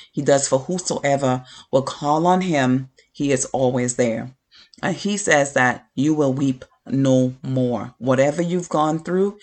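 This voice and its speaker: A preacher giving an informal devotional sermon, earnest and encouraging, often repeating key phrases. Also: mid-range voice. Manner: informal asides with fillers and restarts.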